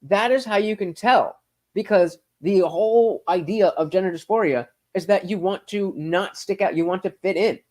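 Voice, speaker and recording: A man's voice: high-pitched, normal speed, darkish tone. A man hosting a casual livestream, reading chat and rambling profanely with lots of stammered fillers. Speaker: streamer host reading live chat.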